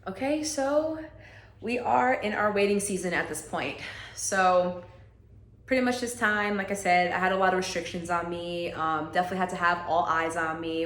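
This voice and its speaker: A woman recounts a personal testimony to her viewers in an easygoing, talkative way, peppered with "like" and "y'all." Her voice sits a little low, and she shifts her pitch to play the people she quotes. The room has a noticeable echo. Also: a bit bright. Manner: chatty, heavy use of "like", addresses viewers as "y'all". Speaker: vlogger sharing a personal health testimony. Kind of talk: casual storytelling testimony.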